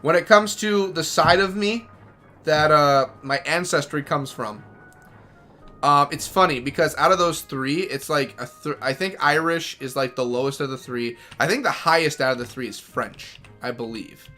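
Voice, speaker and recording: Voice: mid-range voice, moderate pace, bright, forceful tone, soft background music. A gaming streamer giving casual, rambling commentary as they play, joking and self-deprecating.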